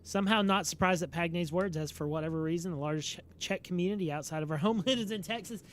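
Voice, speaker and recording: A man with a fairly high voice streams a game and chats loosely with his viewers. His talk is relaxed and full of slang, and he sounds sleepy. Faint noise sits behind his stream microphone. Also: fast talker. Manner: relaxed and slangy, talking to chat. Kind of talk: casual live-stream chat.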